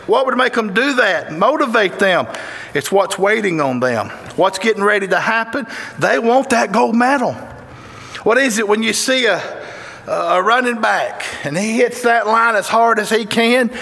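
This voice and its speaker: A high-pitched man with a Southern Tennessee accent preaches a sermon in a fervent, folksy way, breaking into excited exclamations. His voice rings through a church sanctuary with a long, echoey reverb trailing each phrase. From Tennessee, USA. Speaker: guest preacher.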